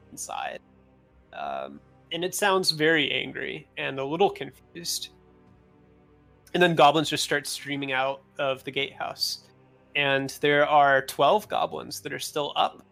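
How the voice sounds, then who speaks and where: A man narrating a tabletop role-playing game as game master, talking in a relaxed, loose way with fillers. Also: on the high side, measured pace, gravelly, soft background music.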